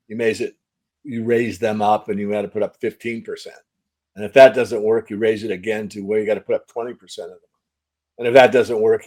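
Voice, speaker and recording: In an interview, a man speaking as a metals analyst answers questions in a conversational, emphatic way, full of fillers and restarts. His voice is mid-range and a little mellow.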